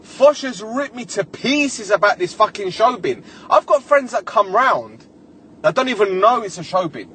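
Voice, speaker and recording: High-pitched, animated man ranting. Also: normal speed, a little hiss or hum. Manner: animated storytelling, heavy swearing, exasperated. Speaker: podcast host. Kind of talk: solo comic rant.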